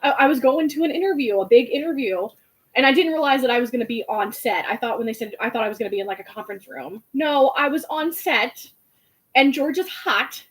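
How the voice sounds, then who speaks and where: Lively young woman telling a story. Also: high voice, fairly quick, poor audio. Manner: animated storytelling with lots of fillers and asides. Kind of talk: casual chat.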